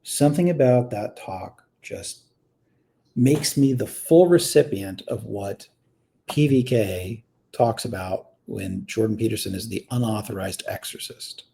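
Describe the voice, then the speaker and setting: A man in his thirties telling a personal story in casual conversation, rambling with many fillers and restarts, swinging between quiet and animated. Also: fairly low pitch, a little slow, creaky, a little hiss or hum.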